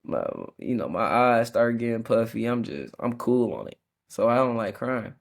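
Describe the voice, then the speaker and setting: Young man, podcast host, relaxed slangy delivery, halting and self-correcting, average pitch. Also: vocal fry. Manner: casual slangy talk with many restarts. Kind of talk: reflective faith podcast monologue.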